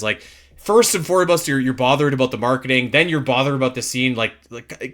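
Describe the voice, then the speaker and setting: This young podcast co-host has a bright, punchy, medium-pitched voice and a brisk delivery. He gushes with emphatic enthusiasm, frequently restarting sentences mid-thought.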